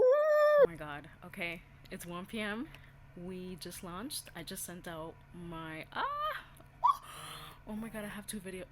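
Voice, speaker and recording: Brief: lower-pitched woman, excitable vlog chatter, faint room ambience. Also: noisy background. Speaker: beauty and fitness vlogger. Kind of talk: casual vlog diary.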